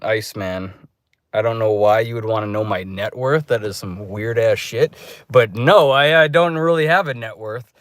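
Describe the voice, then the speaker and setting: A man telling a rambling, profane story in a casual vlog review, with loud re-enacted outbursts. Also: on the low side, moderate pace, dry recording, studio quality. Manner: loose, restarting delivery. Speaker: movie reviewer. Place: dark room.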